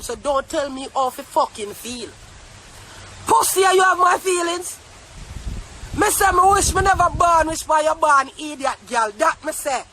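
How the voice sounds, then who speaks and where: A young woman with a strong Jamaican accent delivers a heated, profane rant to camera, often raising her voice to a shout. Her voice sits very high and cuts through bright and sharp. She is recorded inside a car. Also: poor audio. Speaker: vlogger. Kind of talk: ranting monologue to camera.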